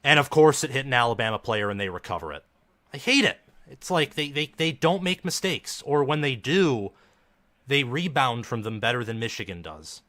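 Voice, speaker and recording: A man calls a football game live for his stream, sounding frustrated and let down as a fan. His voice is bright and tense, and his pitch sits in the middle for a man. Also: animated, normal speed. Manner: frustrated, dejected fan talk.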